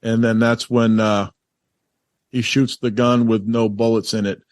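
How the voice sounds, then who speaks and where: Podcast guy rambling about a movie, mid-pitch voice, dry close mic. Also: little pitch movement, a little slow, no room sound. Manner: rambling, enthusiastic, lots of fillers. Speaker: podcast co-host. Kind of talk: casual movie chat.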